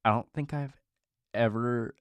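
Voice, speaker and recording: A man's voice: medium pitch, measured pace, no echo. A young man hosting a live stream in casual chat, blunt and profane, with lots of "bro" and "dude".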